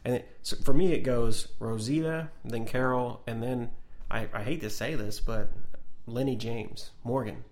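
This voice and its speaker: A man's voice: medium pitch, unhurried. A man co-hosting a podcast, talking casually about a TV show and restarting his sentences often. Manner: rambling, frequent restarts. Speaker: podcast co-host. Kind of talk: casual chat.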